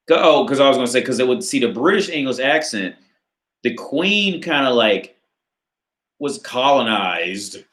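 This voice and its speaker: A man's voice: medium pitch, reverberant. A man hosting a casual live Q&A on dating, reading out viewer questions and answering in a rambling, profane way full of filler words. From United States. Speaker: dating advice channel host.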